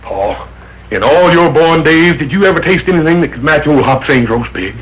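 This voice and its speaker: An actor playing a big, easygoing young ranch son with a folksy, slangy way of talking. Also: male voice, on the high side, expressive, moderate pace, a bit bright, poor audio.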